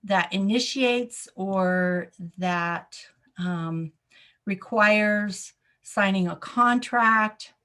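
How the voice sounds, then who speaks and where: A woman astrologer speaks in a casual solo talk at an unhurried pace. She circles back to her main points and repeats them for emphasis. Ums and uhs fill her pauses. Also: on the low side, a bit bright.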